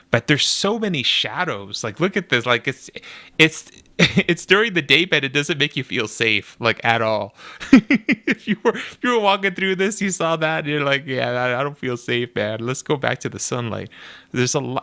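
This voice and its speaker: A young man casually commenting on a game trailer, animated and nitpicky, laughing often as he talks. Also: medium pitch. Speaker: video reactor.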